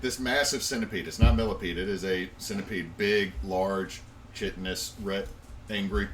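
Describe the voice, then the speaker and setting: A man narrating a tabletop game as game master, describing the scene in a slow, descriptive way with fillers. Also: low-pitched, steady tone. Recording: distant mic with faint noise.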